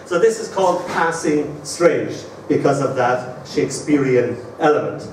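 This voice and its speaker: An Irish man giving a live poetry reading, reciting slowly and measuredly, with wry anecdotes between the poems. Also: medium pitch, expressive, a little mellow, slight background noise. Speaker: poet. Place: live performance venue. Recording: roomy hall from far off.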